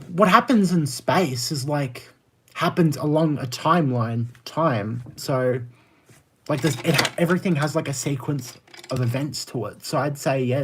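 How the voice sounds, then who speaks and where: A man's voice: fairly bright tone, a little hiss or hum. A young Australian man in his twenties, chatting casually on a livestream and answering viewer comments in a blunt, exasperated way. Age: 20s. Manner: blunt and exasperated, jumps to high indignant pitch when ranting.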